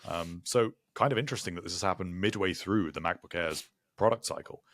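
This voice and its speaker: A man co-hosting a tech podcast, explaining things in a measured, informative way. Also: low voice, fairly bright tone. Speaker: podcast co-host. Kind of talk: casual tech chat.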